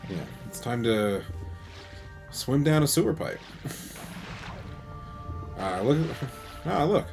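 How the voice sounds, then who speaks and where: A man with a gravelly voice giving casual, wry, grumbling commentary as he streams a game, often laughing. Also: medium pitch, very animated, slow pace. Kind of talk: casual let's-play commentary. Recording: game music behind voice. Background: game music.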